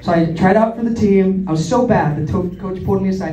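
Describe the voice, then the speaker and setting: Young man, high voice, self-deprecating stand-up, heard from afar in an echoey club. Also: brisk. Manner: self-deprecating, animated storyteller. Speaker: stand-up comedian. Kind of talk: stand-up comedy storytelling. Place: comedy club stage. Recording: echoey club, distant, crowd laughter. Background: audience laughter.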